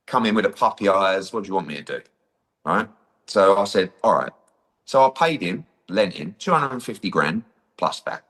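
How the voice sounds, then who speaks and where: A middle-aged man, a boxing promoter, telling a story in an interview and acting out the dialogue. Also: mid-range voice. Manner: animated, acts out quoted dialogue, says "blah, blah, blah".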